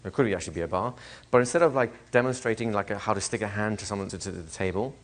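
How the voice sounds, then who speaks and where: A man lecturing a live class as a hypnosis trainer, animated, asking the room questions and acting out little scenes. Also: on the low side, fast.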